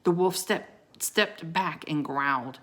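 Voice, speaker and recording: Reading a children's book aloud, a woman sounds as though she's at home with a child. Her voice is clear and bright yet deep and slow, and her expressive delivery includes the occasional small stumble.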